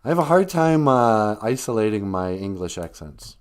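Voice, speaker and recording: A man with a Minnesotan accent hosts a comedic live stream, rambling through jokes and laughing at them himself. His voice is lowish, sing-song, clear and resonant, at normal speed.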